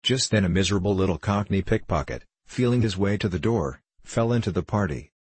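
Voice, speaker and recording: Deep, husky-voiced man reading a story. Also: brisk, no echo. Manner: steady storytelling, dropping into rough convict voices for dialogue. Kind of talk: audiobook narration with character voices.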